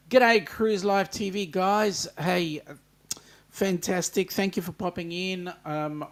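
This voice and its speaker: An Australian man hosting a casual livestream, chatting loosely with lots of ums and greeting viewers by name. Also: a little high. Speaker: livestream host. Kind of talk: casual live-chat greetings.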